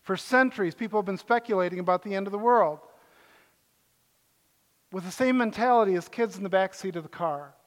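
A man's voice: sits high, a little fast, pauses often. An older man, a pastor, preaching a sermon in a joking, conversational way with asides. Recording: echoey hall reverb.

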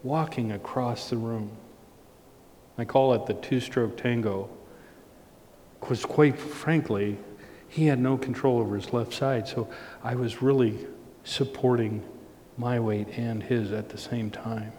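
Middle-aged male pastor, unhurried heartfelt storyteller, church reverb. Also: mid-range voice, steady tone, mellow. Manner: slow, earnest storytelling with restarts. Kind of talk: sermon with personal story. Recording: long reverb, faint noise.

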